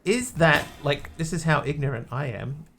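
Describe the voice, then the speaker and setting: A man's voice: on the high side, moderate pace, gravelly, a bit bright, soft background music. A man, chatting casually on a live stream, musing aloud and answering chat while he plays. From Australia.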